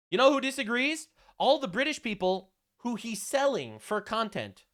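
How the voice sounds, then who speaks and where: Mocking reaction host, high-pitched man, blunt crude rant. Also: big pitch swings, normal speed, few pauses, a bit bright. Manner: blunt, mocking, stammering restarts. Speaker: reaction commentator. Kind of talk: casual profane reaction rant.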